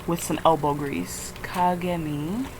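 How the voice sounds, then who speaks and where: A woman's voice: deep voice, fairly even intonation, slow, noisy background. A tired woman rambling through a casual screen-recording vlog, swearing often and flaring into frustrated outbursts. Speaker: vlogger.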